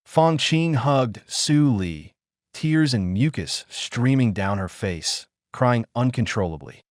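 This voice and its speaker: A man narrating a dramatic story in a scripted, lively way. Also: medium pitch, slow, no room sound, studio quality.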